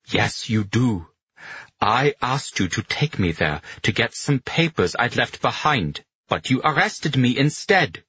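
A man's voice: medium pitch, big pitch swings, unhurried, sharp tone, lo-fi sound, slight background noise, voice pushed up. A man voicing a proud German general who shifts from pleading to icy and curt.

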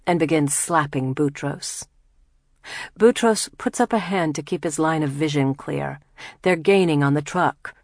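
An audiobook narrator reads a novel in a low, slow, somewhat creaky and mellow female voice. The scripted narration is recorded cleanly in a studio, with no room sound.

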